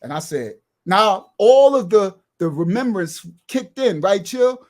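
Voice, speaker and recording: Here a middle-aged man, a guest recounting his life, spins an animated street story at an unhurried pace. He mimics other people's voices and moves between low murmurs and sudden loud outbursts.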